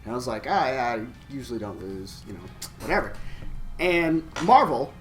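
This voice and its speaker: Animated storyteller man, lively pitch. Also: moderate pace, faint music behind. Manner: animated storytelling, swearing and laughing. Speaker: podcast co-host. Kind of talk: casual chat.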